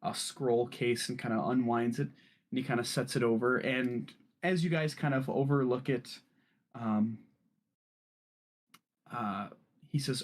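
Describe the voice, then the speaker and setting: A man runs a tabletop role-playing game as game master. He narrates casually, filling gaps with ums and kinda. His voice sits at an ordinary middle pitch. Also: fairly even intonation, a little slow, pauses often. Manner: casual, many fillers like um and kinda.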